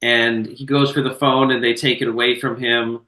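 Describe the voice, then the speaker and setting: A man's voice: medium pitch, level tone, moderate pace, pushed and bright, echoey room, distant mic, poor audio. A man co-hosting a podcast, casually recapping a film plot in a laid-back, profane way with lots of filler words. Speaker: podcast co-host.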